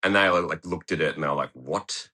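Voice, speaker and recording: An extremely low-pitched man with a sharp tone talks quickly. He's a guest skateboarder from Tasmania, Australia, recounting a story in a laid-back podcast-studio interview, laughing often and swearing plenty.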